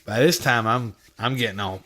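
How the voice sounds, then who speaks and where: A man's voice: medium pitch, normal speed, bright, forceful tone. A man who is a podcast guest and drummer, telling loose, profane stories in casual chat.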